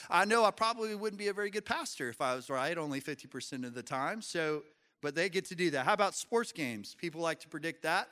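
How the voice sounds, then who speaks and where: A man's voice: fairly high pitch, bright, forceful tone, long reverb tail. A male pastor preaching a sermon in a conversational, joking way with his congregation in a church. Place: church sanctuary.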